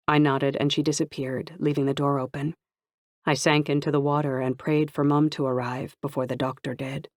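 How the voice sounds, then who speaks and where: An audiobook narrator reads a first-person novel in a steady, even storytelling manner. The voice sits at a middle pitch. The recording is dry and close. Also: normal speed, dry recording.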